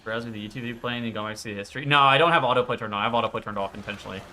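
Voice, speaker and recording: A man's voice: medium pitch, very fast, bright, forceful tone, slight background noise. A man streaming live, chatting casually in a profane, rambling way.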